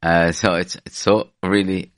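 A man hosting a radio talk show. He speaks haltingly and stumbles over his words. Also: sits low, little pitch movement, no echo, studio quality. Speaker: radio host.

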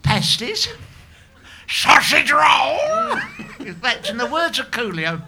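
An actor playing a bumbling, giggly middle-aged man from Watford with an English Watford accent, halting and rambling, on a live stage. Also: very high-pitched, wildly swooping pitch, background noise, exaggerated voice. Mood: chuffed.

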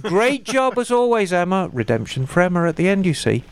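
A woman co-hosting a casual podcast, reading out a listener email with animated, emphatic asides. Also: lowish voice, brisk, no echo. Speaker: podcast co-host.

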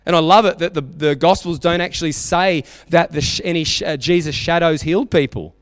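A man with an Australian accent preaching a sermon as pastor, telling stories with animated, acted-out quotes. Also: fairly high pitch, brisk, clear, resonant tone, no echo, studio quality, big-room sound. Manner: animated storytelling, acting out quotes. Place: church hall.

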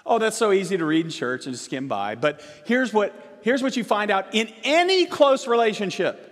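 A man preaching a sermon as pastor, rising to emphatic stressed words and dropping low and soft between them. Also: big pitch swings, normal speed. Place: church sanctuary. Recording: long reverb of a church hall.

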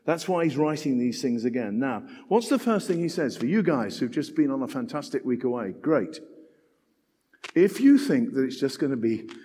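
An older man preaching a sermon in an animated, conversational way, with self-deprecating asides. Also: medium pitch, big-room sound.

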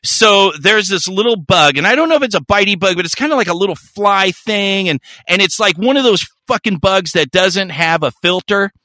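Bright-voiced man telling a profane story. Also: high-pitched, lively intonation, normal speed, few pauses, no echo. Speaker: podcast co-host. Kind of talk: casual chat, storytelling.

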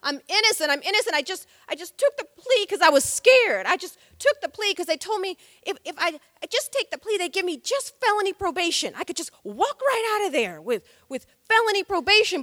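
A woman's voice: high-pitched, bright, forceful tone, dry recording, studio quality, long reverb tail, heavily acted. A woman voicing a desperate young man with a felony record, insistent and repeating himself.

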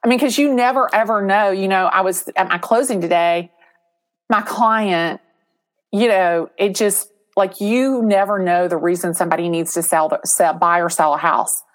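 A middle-aged woman, a real estate agent, telling a story as an interview guest, animated and acting out the voices of people in it. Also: mid-range voice, moderate pace.

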